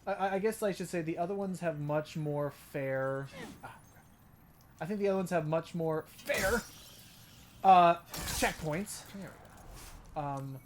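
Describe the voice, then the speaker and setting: A man's voice: fairly high pitch, measured pace, pauses often, background noise. A man casually commentating while playing a video game, chatty and full of restarts. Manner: chatty, narrates his play with restarts. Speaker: game streamer. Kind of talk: let's play commentary.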